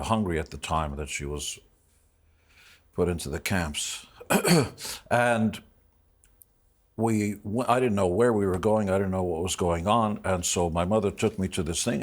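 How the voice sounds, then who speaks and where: A man in his seventies, a guest in a talk interview, telling a personal story in a halting, emotional way with pauses and restarts. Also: low voice. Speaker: interview guest, rock musician.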